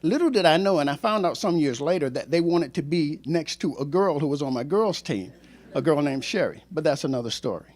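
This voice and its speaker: A man in his sixties, a former teacher and coach, telling a true story to a live audience in an animated, joking way with self-mocking asides. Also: on the high side, a little fast.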